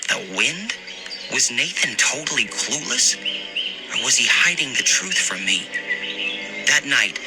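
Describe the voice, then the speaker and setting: A man narrating a scary story in a lively, expressive reading. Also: mid-range voice, unhurried, long pauses, poor audio. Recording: narration over loud background music.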